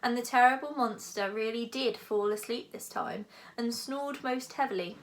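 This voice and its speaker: A woman narrating a children's book aloud with expressive storytelling. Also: on the high side, moderate pace. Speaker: audiobook narrator. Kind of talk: scripted narration.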